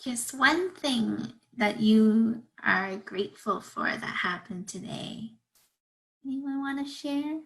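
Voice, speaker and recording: Unhurried woman reading chat replies. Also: fairly high pitch, animated, creaky, rough recording.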